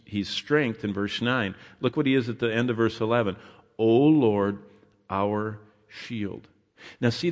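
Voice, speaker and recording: A man preaching a sermon, rising loud when he reads scripture and dropping soft on his asides. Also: medium pitch. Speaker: pastor. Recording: long hall reverb.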